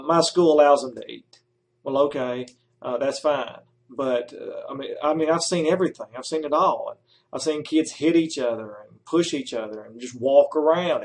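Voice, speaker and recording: A middle-aged man with a fairly high voice coaches student teachers in a direct, emphatic way. He hammers home his points by saying them again. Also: darkish tone. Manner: emphatic, repeats key points. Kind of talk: advice talk to student teachers.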